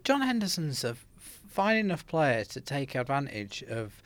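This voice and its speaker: A man's voice: mid-range voice, sing-song, moderate pace, fairly bright tone, no echo. A man giving darts betting tips in casual podcast chat, hesitant with many restarts. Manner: hesitant, restarts, laughs along. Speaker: darts pundit.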